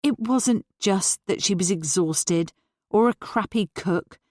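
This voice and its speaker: A woman narrating a novel as an audiobook in an even, measured way. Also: mid-range voice, dry recording, studio quality. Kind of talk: scripted narration.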